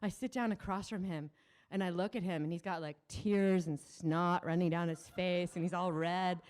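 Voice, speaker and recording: Low-voiced woman telling a lively story. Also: moderate pace. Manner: animated, laughing, many restarts. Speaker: storyteller at a community event. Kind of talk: live personal storytelling. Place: small event stage.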